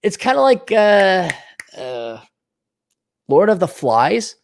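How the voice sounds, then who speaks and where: A man's voice: high voice, very animated, takes it slowly, gravelly. Sarcastic, ranting male podcast host. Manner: mocking put-on voices in asides. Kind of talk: solo podcast rant reading listener donations.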